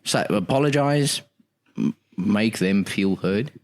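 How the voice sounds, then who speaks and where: A man's voice: lowish voice, expressive, slow, darkish tone. A man co-hosting a comedy podcast, talking in a rambling, earnest, mock-formal customer-service manner. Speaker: podcast co-host. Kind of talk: casual comedic role-play and banter.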